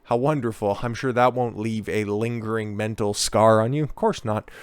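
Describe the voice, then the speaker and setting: A man's voice: on the low side, moderate pace, clear, resonant tone, no room sound, studio quality. A man hosting a ranting commentary on a news story, profane, sarcastic and scornful as he talks. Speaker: commentary host.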